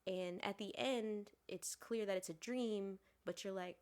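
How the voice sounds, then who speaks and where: Relaxed woman poet musing with fillers. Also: medium pitch. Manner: relaxed, halting, many fillers. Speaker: poet, podcast guest. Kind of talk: casual explanation of her poems.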